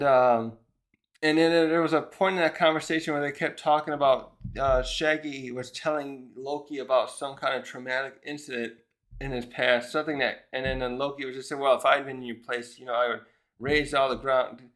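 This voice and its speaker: In a steady, medium-pitched and fairly bright voice at normal speed, a man casually recaps a chapter of a comic as a manga reviewer. His rambling is filled with fillers and restarts, and he briefly performs the characters' lines.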